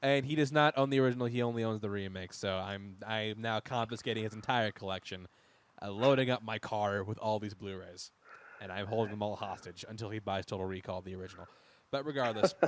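A man's voice: lowish voice, brisk. Joking young man hosting a chat. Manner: joking, laughs often, stumbles and restarts. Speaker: podcast host. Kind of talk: casual chat.

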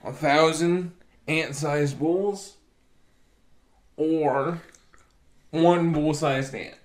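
A man's voice: on the high side, steady tone, very slow. Easygoing man in an echoey room. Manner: easygoing, laughs often, asks the questions. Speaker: podcast co-host. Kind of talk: casual podcast banter.

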